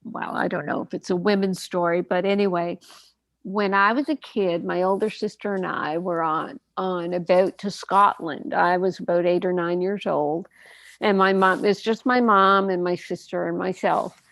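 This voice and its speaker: Older woman with a gravelly voice. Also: fairly low pitch, fairly even intonation, moderate pace, fairly bright tone, no room sound. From Canada. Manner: chatty storytelling, laughs often. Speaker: show host, doctor. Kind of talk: casual radio chat.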